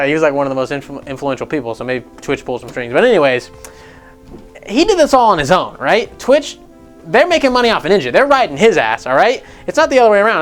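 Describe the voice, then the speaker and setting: A man's voice: a little high, fairly bright tone. A young man hosting a gaming news show, ranting casually with a rambling, sarcastic, profane manner. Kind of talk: casual rant commentary.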